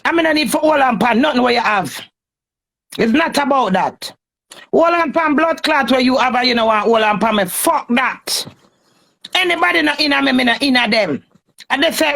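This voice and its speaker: A woman's voice: high voice, expressive, moderate pace, gravelly, fairly bright tone. A Jamaican woman in a heated, cursing, confrontational rant on a phone live stream.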